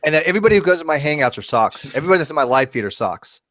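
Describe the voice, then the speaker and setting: This man talks fast and with lively swings in pitch as he hosts a video hangout. He is blunt and swears freely, and his voice sounds dry and close. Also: dry recording. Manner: animated, blunt and profane. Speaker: host of an online hangout. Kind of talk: casual chat.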